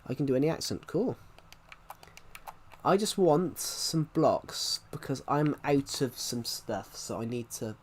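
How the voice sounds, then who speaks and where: A man's voice: medium pitch, lively intonation, slight background noise. A young man chatting casually on a live stream while gaming, rambling and restarting his sentences. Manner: rambling, halting, many restarts.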